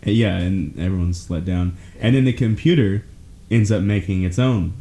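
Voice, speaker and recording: A man co-hosting a podcast who speaks haltingly, stammering as he searches for words. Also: deep voice, mellow. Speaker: podcast co-host. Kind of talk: casual chat. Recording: echoey room.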